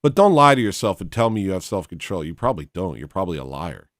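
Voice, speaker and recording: A man hosting a casual livestream, reading donations and rambling in a deadpan, teasing, self-mocking way. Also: low voice, fast, no echo, studio quality.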